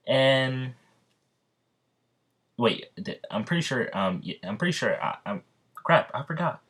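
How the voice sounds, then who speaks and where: A man's voice: medium pitch, big pitch swings, unhurried, long pauses, a bit bright. A man casually retelling a fan story, rambling and often correcting himself as he goes.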